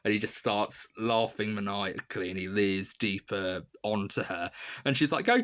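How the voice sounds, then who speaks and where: A man with a fairly low voice talks through a review in a loose, rambling way, leaning on filler words. He tells it with animated energy, breaking now and then into quick impressions. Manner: rambling, full of "you know" and "literally". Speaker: video reviewer. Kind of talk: casual spoken review.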